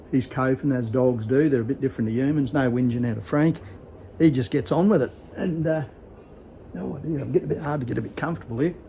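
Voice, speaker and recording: Rambling Australian man, mellow voice. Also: medium pitch, slight background noise, poor audio. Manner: rambling, many fillers and restarts. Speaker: vlogger. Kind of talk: casual storytelling to camera. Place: at home sitting with his dogs.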